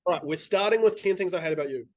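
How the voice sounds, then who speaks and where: This is a man hosting a casual podcast, with a voice pitched a bit high for a man. He is playful and swears freely, and he slips into mock quoted voices to tease his guest. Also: rapid-fire, a little mellow, no room sound. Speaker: podcast host. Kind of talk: casual chat.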